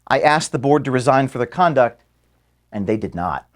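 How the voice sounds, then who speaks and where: An earnest man addresses his staff in a recorded farewell statement from an office. His mid-range voice moves between firm declarations and softer, emotional moments. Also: mid-range voice, lively intonation, moderate pace. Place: office at headquarters.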